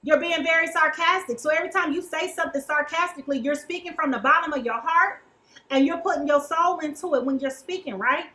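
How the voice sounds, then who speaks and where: High bright chatty woman reading tarot. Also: fairly quick, poor audio. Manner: chatty, colloquial, keeps asking "okay?". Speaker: tarot reader.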